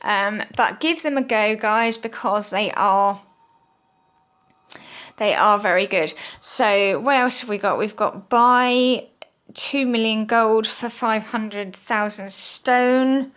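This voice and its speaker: A woman's voice: a little high, slow pace, fairly bright tone. A woman hosting a gaming channel, giving chatty mobile game commentary with lots of ums and frequent asides to viewers as "guys". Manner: chatty, filler-heavy, addresses viewers as guys.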